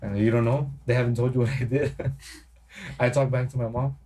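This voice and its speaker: A man's voice: medium pitch, steady tone, normal speed, warm tone. A young man hosting a podcast, telling stories casually, swearing and acting out quotes. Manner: swearing, storytelling with acted-out quotes. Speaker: podcast host. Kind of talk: casual chat. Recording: distant mic with faint noise.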